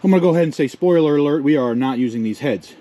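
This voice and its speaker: A man's voice: on the high side, racing, warm tone. Thirtysomething guy rambling in his garage, kinda out of breath, jokey, bit of background hiss. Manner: joking, self-mocking, rambling. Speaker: channel host. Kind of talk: casual garage vlog. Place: home garage and shed.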